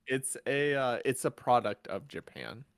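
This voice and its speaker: A man co-hosting a casual podcast chat, talking in halting bursts with frequent restarts and easy laughter. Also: medium pitch, expressive, creaky, clean tone, no echo. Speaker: podcast co-host.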